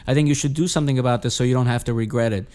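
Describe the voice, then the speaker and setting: A man's voice: medium pitch, fairly even intonation, very fast, a little mellow. A man guesting on a podcast, telling a personal story in a rambling, profane way with many restarts. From Los Angeles. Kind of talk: casual storytelling.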